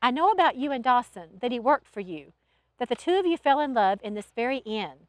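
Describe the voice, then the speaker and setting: A woman telling a story takes on the part of a sincere young Southern angel in training who begs and apologizes as she talks. Her voice is high, natural, and lively, ranging widely in pitch at a brisk clip. The sound is close-miked and dry.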